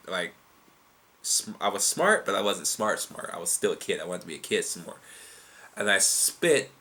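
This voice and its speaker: A man's voice: deep voice, sharp tone. A young man, answering viewer questions in a casual, rambling, profane way. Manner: rambling, profane and loose, with restarts. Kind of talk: casual chat.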